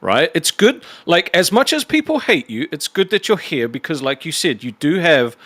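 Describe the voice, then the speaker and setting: A man's voice: on the high side, big pitch swings, moderate pace, a bit bright, no room sound. A man giving his view on a podcast panel, talking earnestly and rambling with fillers. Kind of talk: casual podcast discussion.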